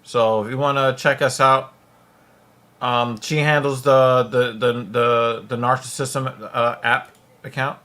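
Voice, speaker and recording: A man's voice: mid-range voice, fairly even intonation, slow pace, sharp tone. A man hosting a loose, chatty live stream, talking casually with frequent fillers and restarts. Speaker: host.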